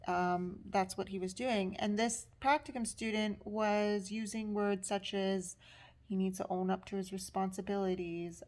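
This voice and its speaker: Indigenous student woman recounting an upsetting meeting. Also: mid-range voice. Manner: candid, upset, quotes others. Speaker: social work student. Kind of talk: personal storytelling vlog.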